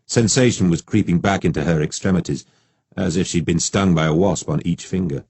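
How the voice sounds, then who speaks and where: A male audiobook narrator with a low, husky voice reads in a measured, steady way. The studio mic is close and the sound is dry, with no room around it. Each sentence gets the same even weight. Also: no echo. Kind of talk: scripted narration.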